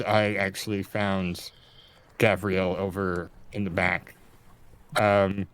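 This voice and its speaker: A man's voice: lowish voice, a bit bright. A man playing a tabletop role-play game, speaking with many hesitations. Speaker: player. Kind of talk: in-character table chat.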